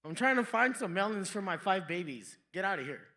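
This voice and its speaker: A man's voice: sits high, big pitch swings, brisk, pushed and bright. A young man from New Mexico doing a stand-up comedy set on a club stage, telling stories in a laid-back way and slipping into quoted voices. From New Mexico, USA.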